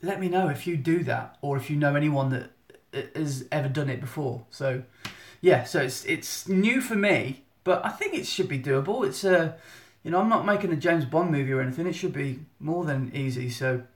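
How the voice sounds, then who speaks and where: A man's voice: on the high side, lively intonation, normal speed, few pauses. A man, chatting casually and rambling a little as he gives a photographer's monthly live update from his phone at home. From England. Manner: chatty, rambling, self-interrupting. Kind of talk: casual live-stream chat. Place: indoor room at home. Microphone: phone at arm's length. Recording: echoey room on phone.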